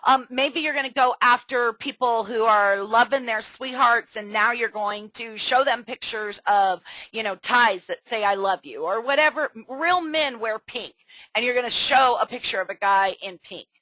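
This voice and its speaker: A middle-aged woman coaching a webinar in a chatty, animated way with many fillers. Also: on the high side, normal speed, no room sound, rough recording. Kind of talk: casual webinar teaching.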